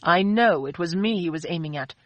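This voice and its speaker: A woman's voice: on the low side, a little fast, fairly bright tone, no room sound, lightly acted. A bad-tempered, brooding man with a sore head, as a woman reader acts him out. He blusters and growls his lines, and the read stays dry and close to the mic. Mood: gruff. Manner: blustering, gruff outbursts. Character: gruff, brooding hungover man, quick to anger.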